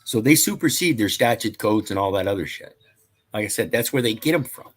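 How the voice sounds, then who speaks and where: A man's voice: on the low side, animated, fairly quick, husky. A man lecturing casually, reading out statute numbers and scripture in a rambling, preachy way. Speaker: channel host.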